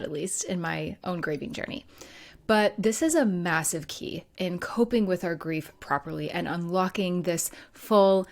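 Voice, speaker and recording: A woman hosting a podcast as a grief and life coach, talking in an earnest, conversational way with light laughs. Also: on the low side. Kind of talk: solo podcast talk.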